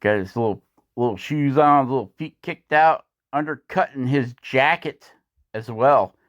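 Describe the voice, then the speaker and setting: A woodcarving channel host narrates a voice-over for his carving video in a folksy, rambling manner, chuckling at his own asides. His medium-pitched voice is unhurried, and the highs are cut off.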